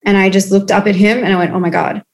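A woman's voice: medium pitch, level tone, quick pace. Earnest casual woman on a video call. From Australia. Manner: earnest, casual, many fillers and restarts. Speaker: DJ and musician guest. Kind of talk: candid interview chat.

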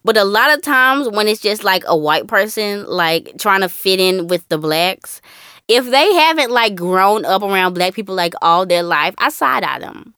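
A woman co-hosting a casual podcast, talking with animated ups and downs and mimicking other people. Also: mid-range voice, normal speed, clean tone, no room sound, studio quality. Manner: animated, mimics voices with laughs. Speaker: podcast co-host.

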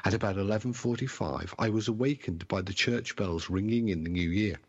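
A man's voice: on the low side, a little fast, husky, highs cut off. A man co-hosting a show, reading an old ghost account aloud in a theatrical style. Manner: theatrical reading in a put-on posh tone. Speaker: podcast co-host. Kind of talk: casual chat and reading aloud.

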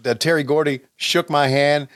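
A man's voice: fairly high pitch, normal speed, no room sound. Laid-back guy agreeing a lot, chatting wrestling, dry mic. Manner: relaxed, agreeable, many affirmations. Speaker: podcast co-host. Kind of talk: casual chat.

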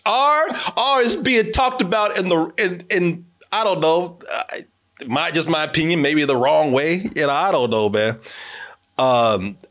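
A young man hosting a casual movie review chat, emphatic and animated, swearing and laughing often. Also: fairly high pitch, measured pace. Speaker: podcast host.

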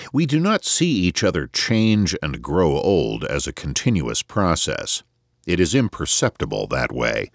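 A man narrating an audiobook in an expressive, measured storytelling manner, recorded on a close studio mic. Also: low-pitched, creaky, no echo.

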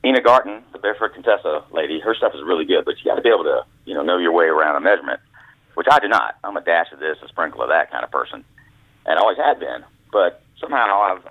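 A deep-voiced man with a drawl spins folksy stories about his caddie days, and his pitch swings freely as he talks. He comes through a thin, tinny phone line with no room sound. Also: no room sound. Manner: folksy storyteller, acts out quoted voices. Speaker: author guest. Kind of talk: storytelling interview. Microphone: phone call.

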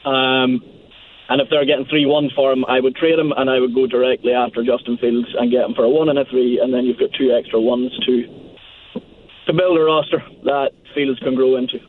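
A man's voice: mid-range voice, flat delivery, fairly quick. A married man with a foreign accent calling in to a radio show, hesitant with many ums, heard over a phone line. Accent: non-American. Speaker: caller. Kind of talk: call-in radio talk.

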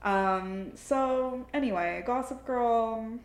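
A woman's voice: a little high, takes it slowly. Chatty young woman in a roomy space. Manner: chatty, frequent "like" fillers, animated laughter. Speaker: podcast co-host. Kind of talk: casual chat. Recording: roomy echo.

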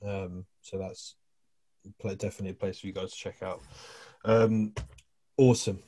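A man's voice: deep voice, flat delivery, moderate pace, dark tone. A man hosting a podcast in an easygoing, casual chat, with a lot of fillers and restarts as he wraps things up. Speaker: podcast host.

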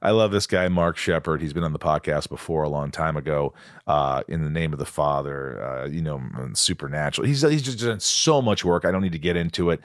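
A man hosting a podcast in a studio, chatting casually and excitably, quick to joke and exclaim. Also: extremely low pitch, dry recording. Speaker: podcast host. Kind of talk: casual chat. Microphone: studio microphone.

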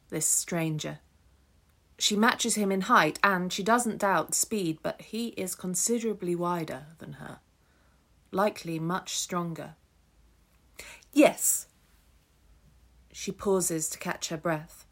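A woman narrating an audiobook extract in a measured, descriptive storytelling manner. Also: lowish voice, a bit bright. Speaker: audiobook reader. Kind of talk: scripted narration.

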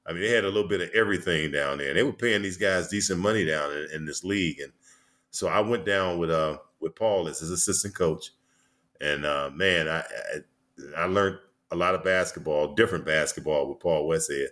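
In a laid-back interview, a former basketball player and coach in his sixties tells stories in a deep, low voice. He drifts from memory to memory, restarting sentences quickly and leaning heavily on "you know," all in an easygoing, conversational way.

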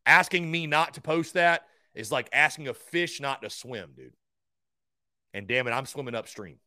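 A man's voice: mid-range voice, normal speed, bright, forceful tone, no echo, studio quality. A middle-aged man hosting a sports talk show, blunt and unapologetic as he takes calls.

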